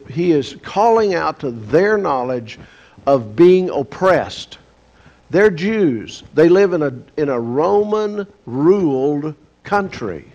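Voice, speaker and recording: Gravelly Texan man teaching scripture. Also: a little high, darkish tone. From Texas, USA. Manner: folksy, explanatory storytelling. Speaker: Bible study teacher. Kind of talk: conversational Bible lesson. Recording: dull lo-fi recording with faint hiss.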